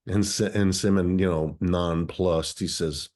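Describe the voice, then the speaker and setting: A man's voice: deep voice, fairly even intonation, a little slow, few pauses, a little mellow. A man around sixty, from Minnesota, speaking as an interview guest. He tells reflective, articulate stories. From Minnesota, USA. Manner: thoughtful, articulate, philosophical.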